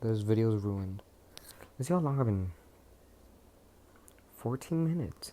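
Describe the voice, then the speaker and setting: A man's voice: on the low side, expressive, measured pace, pauses often, dark tone. A young man casually retelling a fan story, rambling, profane and cutting himself off. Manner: profane, rambling, self-interrupting.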